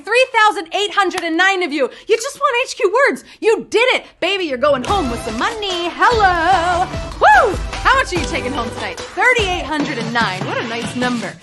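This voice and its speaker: A woman hosting a live game show, playful and jokey, hyping up the winners and teasing the players. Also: very high-pitched.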